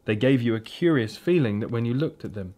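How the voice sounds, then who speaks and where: A man reading a children's storybook aloud, in a gentle, steady and expressive way. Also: medium pitch, brisk. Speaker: reader.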